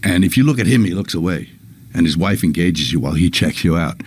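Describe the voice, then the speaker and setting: A man's voice: low voice, expressive, fast talker, a little mellow, husky, no echo. A man telling anecdotes as a guest in a casual conversation, acting out the quotes as he goes.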